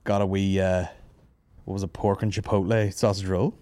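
A low-voiced Northern Irish man in his thirties rambles through a comic anecdote, swearing freely and breaking into laughter. His voice sits close and dry, with no room sound around it. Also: flat delivery, normal speed, mellow, dry recording. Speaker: podcast host. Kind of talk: casual comedic storytelling. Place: studio office.

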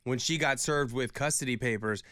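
A man co-hosting a radio show in casual, jokey chat, animated and quick to act out voices in his stories. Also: mid-range voice, no echo, studio quality.

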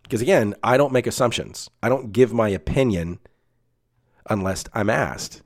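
A man's voice: lowish voice, moderate pace. A man giving casual workplace and life advice in a folksy, chatty way, with frequent self-corrections and asides.

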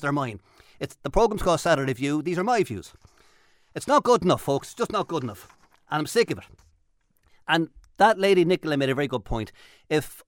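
Fired-up fast-talking Irish radio host. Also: male voice, on the high side, no echo, studio quality. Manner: fired-up, emphatic, repeats points for punch. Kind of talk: impassioned talk radio monologue. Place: radio studio. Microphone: studio microphone.

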